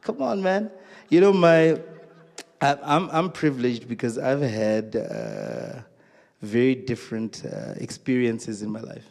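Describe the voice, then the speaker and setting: A man with a South African accent doing live stand-up comedy on stage, telling stories in an animated, exclamatory way. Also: mid-range voice, unhurried, creaky. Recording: long hall reverb.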